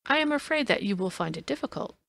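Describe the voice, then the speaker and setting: A woman's voice: mid-range voice, sing-song, vocal fry, fairly bright tone, dry recording, exaggerated voice. Woman doing a wry, ironic detective. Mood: teasing. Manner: dry, teasing, measured. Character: cool, ironic male detective, quietly amused. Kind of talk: audiobook reading.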